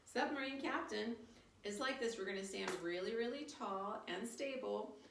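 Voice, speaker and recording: Guiding a child through poses during a children's yoga storytime, this woman, a kids' yoga teacher and storyteller, stays playful, encouraging and upbeat. She speaks at a moderate pace in a gravelly voice on the high side. The recording has an echoey room, distant mic and faint background noise.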